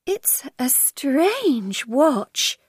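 A woman voicing a curious, cross young girl in a storybook reading, sharp and petulant. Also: very high-pitched, very animated, slow, no room sound, studio quality, voice pushed up, exaggerated voice.

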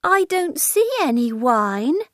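Storybook girl, curious and cross, voiced by a woman, sharp, petulant lines. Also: high voice, sing-song, takes it slowly, no room sound, clean studio sound, full character voice.

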